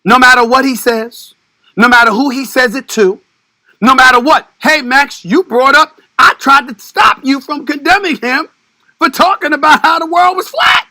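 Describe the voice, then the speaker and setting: High, booming, fiery man ranting. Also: normal speed, dry recording, clean studio sound. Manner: impassioned, sarcastic, swings from booming shouts to hushed mockery. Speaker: sports commentator. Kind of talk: televised sports debate rant.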